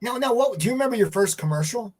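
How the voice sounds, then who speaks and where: A man hosting an interview show, asking eager, excitable questions in casual chat. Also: very high-pitched, fast. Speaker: show host.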